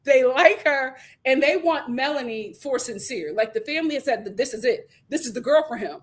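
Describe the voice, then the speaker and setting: A woman hosting a casual show recap, retelling scenes with lively quoted voices. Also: on the high side, fairly quick. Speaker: host.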